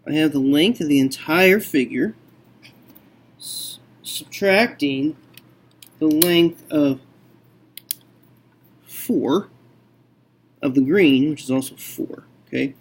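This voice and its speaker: A man teaching a math lesson, working through a problem slowly and thinking aloud with frequent okays. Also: a little high, expressive, creaky, slight background noise.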